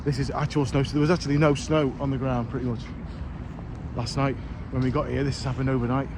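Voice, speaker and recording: A man's voice: medium pitch, flat delivery, fast. A man in a casual travel vlog, talking in a chatty, jokey, self-deprecating way, sounding tired. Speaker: vlogger. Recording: loud street and crowd noise.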